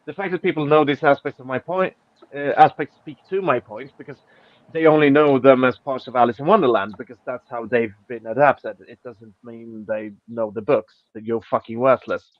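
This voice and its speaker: A man's voice: mid-range voice, normal speed, no echo. Man, casual sweary chat, mocking, dry close sound. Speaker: podcast host. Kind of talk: casual chat, reading out tweets. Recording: dull lo-fi, dry.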